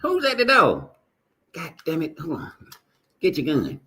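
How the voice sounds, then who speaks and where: A man voicing frantic, excitable male fight-stream commentators who shriek and stammer in a panic. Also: a little high, a little slow, noisy background, pitched above the performer's own voice. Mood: panicked.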